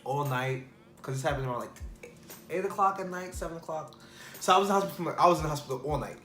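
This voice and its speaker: A man's voice: on the high side, fast, pushed and bright. A man vlogger telling a personal story in a casual, rambling way full of fillers. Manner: rambling, filler-heavy, restarts. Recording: echoey room.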